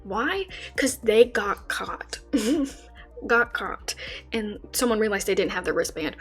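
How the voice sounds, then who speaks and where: A young woman streamer telling a casual story, animated and swearing freely. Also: medium pitch, slow, husky, soft background music.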